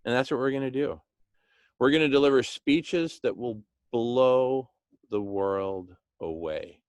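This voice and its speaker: A man talking with enthusiasm, pitching a plan and acting out little scenes, with "right?" thrown in often. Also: measured pace, a little mellow, no echo. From Hispanic background, speaks Spanish. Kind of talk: animated monologue.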